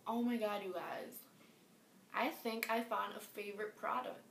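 A woman vlogging a casual makeup review, gushing and excitable, often repeating herself. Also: mid-range voice, normal speed, creaky. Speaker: beauty vlogger. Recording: echoey room with faint background noise.

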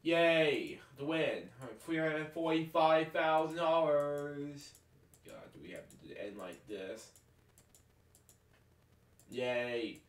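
A man's voice: medium pitch, slow pace, long pauses, recorded from a distance. A man giving casual gameplay commentary at home at night, muttering with exasperated groans and keeping his voice down so others can sleep. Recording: echoey room, voice off-mic.

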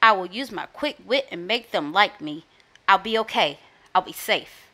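A woman's voice: mid-range voice, animated, moderate pace, pushed and bright. A woman voicing a timid young boy rabbit who earnestly reassures himself in a storybook. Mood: hopeful.

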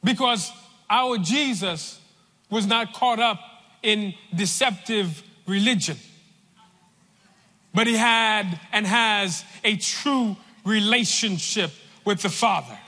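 A man preaches in a bright, forceful voice that rings with the long reverb of a large hall. His delivery is slow and measured, and he builds weight by repeating phrases. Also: high-pitched. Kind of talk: sermon. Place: large church sanctuary.

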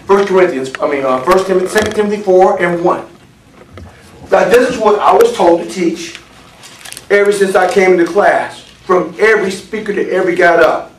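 A man teaching a class in an emphatic preaching style, building at times to near shouting. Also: high voice, moderate pace, slight background noise. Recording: echoey classroom from far off.

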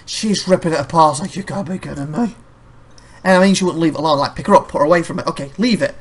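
A man's voice: on the high side, rapid-fire. Man, chatty let's-play host, rambles off on tangents, laughs a lot. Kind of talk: casual gameplay commentary.

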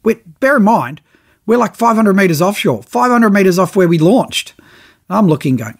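A middle-aged man telling a travel story on his podcast in a casual, animated way, acting out other people's lines in his own voice. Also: high voice, moderate pace, creaky.

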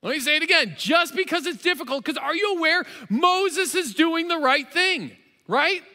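A man preaching a sermon as pastor, telling the story with lively, animated delivery and acting out its characters. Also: very high-pitched, moderate pace, in a large hall. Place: church auditorium.

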